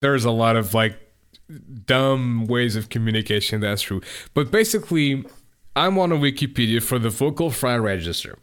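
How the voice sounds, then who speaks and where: A man's voice: medium pitch, moderate pace, smooth. A young man in casual chat, explaining things in a rambling, stop-start way.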